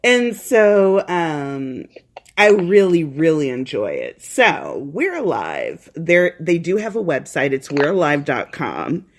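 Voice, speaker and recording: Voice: medium pitch, very animated, takes it slowly. A podcast host chatting casually from home while feeling unwell, rambling and laughing often.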